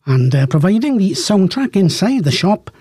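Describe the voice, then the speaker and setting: A man's voice: sits high, very animated, normal speed, mellow. A man presenting a live radio show in a studio, chatting jovially with rambling, self-mocking asides. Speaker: radio host. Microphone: studio microphone.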